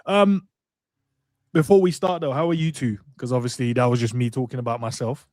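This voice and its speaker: Slangy young podcaster. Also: male voice, medium pitch, fairly even intonation, fairly quick, a little mellow, no echo, clean studio sound. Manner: slangy, joking, reads out viewer comments. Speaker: co-host. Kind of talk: casual chat.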